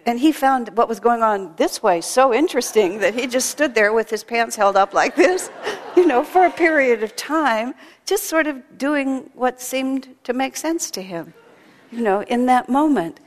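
A woman's voice: fairly high pitch, lively intonation, a little slow. Woman giving a spiritual talk, storytelling w/ laughs, echoey big hall. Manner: storytelling with laughter and acted-out quotes. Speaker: spiritual speaker. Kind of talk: sermon. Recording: long reverb of a large hall.

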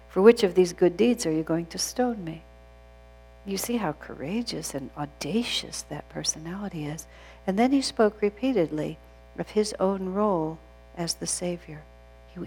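Low-voiced woman teaching in a reverberant hall. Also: a little mellow, husky. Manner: earnest storytelling with frequent fillers and restarts. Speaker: spiritual teacher. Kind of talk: spiritual class lecture.

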